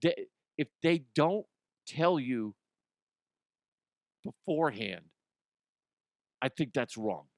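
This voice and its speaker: A man's voice: medium pitch, lively intonation, slow pace, pauses often, no echo, studio quality. A man hosting a comedy news show, ranting casually and profanely, rambling and acting out imagined people.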